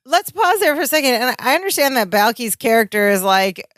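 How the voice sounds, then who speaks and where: A woman's voice: a little high, very animated, brisk, a bit bright, no echo, clean studio sound. A woman co-hosting a podcast, chatting casually and laughing often as she recaps a sitcom and acts out its lines. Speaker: podcast co-host.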